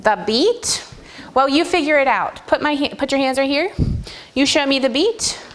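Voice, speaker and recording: A woman's voice: high-pitched, expressive, moderate pace, fairly bright tone. A woman music teacher leading young children in a classroom with encouraging, sing-song call-and-response prompts. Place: school classroom.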